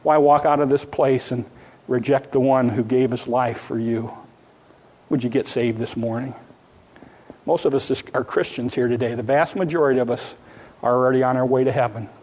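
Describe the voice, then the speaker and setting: A man preaching a sermon, swinging from hushed pleading to loud exclamation. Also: medium pitch, fairly even intonation, normal speed. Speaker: pastor. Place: church sanctuary. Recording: long reverb of a church hall.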